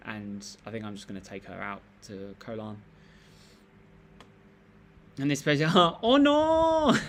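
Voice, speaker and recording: A man with a lowish voice hosts a live stream, chatting casually and reading out comments in a rambling, laid-back way full of fillers and restarts.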